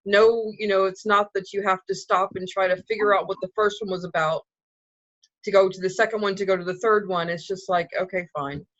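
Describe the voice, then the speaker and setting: A woman's voice: mid-range voice, steady tone, brisk, a bit bright, no room sound, muffled recording. A woman co-hosting a casual spiritual chat, reassuring and thoughtful as she explains. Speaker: spiritual co-host.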